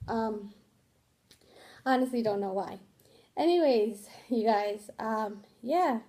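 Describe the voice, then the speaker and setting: Young female vlogger, loose rambling chat, slightly high, mellow tone. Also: takes it slowly. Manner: rambling, candid, swears casually, frequent fillers. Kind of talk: casual rambling vlog.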